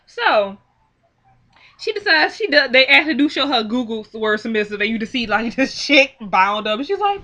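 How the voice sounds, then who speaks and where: A young woman giving a casual film recap, animated and exclaiming, acting out the characters' lines in quick quoted bits. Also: high voice, highs cut off. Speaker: film reviewer. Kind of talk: casual movie recap and commentary.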